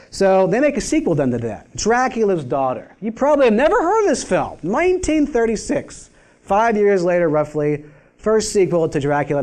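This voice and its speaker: Guy lecturing, animated and jokey, lots of pitch swings. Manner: animated, wry, conversational asides. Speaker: university lecturer. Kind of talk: public lecture.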